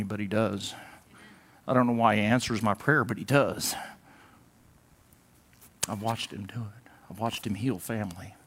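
A pastor preaching a sermon in a conversational way, moving between loud emphatic bursts and quiet asides, now and then mimicking whiny voices for a laugh. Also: male voice, on the low side. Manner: mimics whining voices in a comic way.

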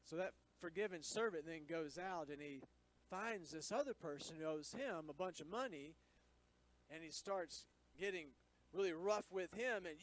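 High-voiced man teaching scripture. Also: normal speed, low-quality recording. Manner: chatty asides, checks in with listeners. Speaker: Bible teacher. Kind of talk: casual Bible teaching with scripture reading.

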